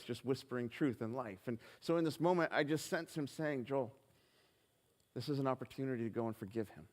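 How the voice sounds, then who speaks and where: A man preaching a sermon, telling a personal story earnestly and acting out the dialogue with hesitant restarts. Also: medium pitch. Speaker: pastor. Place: church hall. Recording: live stream in reverberant hall.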